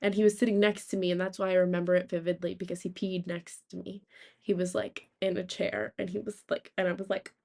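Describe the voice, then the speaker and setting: A young woman from the United States, a streamer telling rambling, animated stories in casual chat, swearing freely. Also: fairly low pitch, fairly quick, vocal fry.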